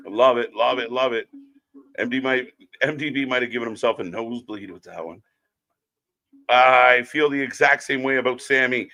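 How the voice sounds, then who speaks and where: Bright-voiced profane male stream host. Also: mid-range voice. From outside Ireland, Scotland and Britain. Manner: rambling, profane, jokey, reads chat aloud. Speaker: live stream wrestling commentary host. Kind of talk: casual live stream chat reacting to wrestling and chat comments.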